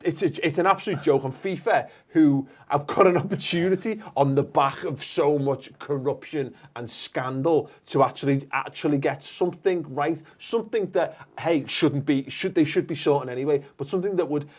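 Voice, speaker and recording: A man's voice: a little high, moderate pace, hardly any pauses. A man in casual panel banter who rants, swears and stumbles over his words.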